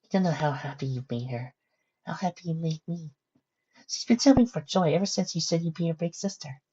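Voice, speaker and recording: A reader doing a meek, soft-spoken young pony mare. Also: mid-range voice, expressive, normal speed, breathy edge, pitched above the performer's own voice. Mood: grateful. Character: timid gentle young female pony. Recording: dull lo-fi recording.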